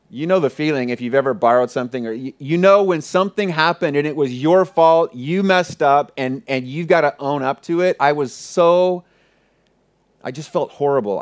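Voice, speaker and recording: A man preaching a sermon, telling a personal story with earnest feeling. His voice sits a little high for a man. He often drops into soft, hushed passages. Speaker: pastor.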